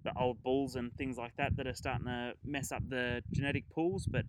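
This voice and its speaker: A man's voice: medium pitch, little pitch movement, moderate pace, noisy background. A man hosting a travel podcast, chatting casually and rambling through his trip stories with fillers and chuckles.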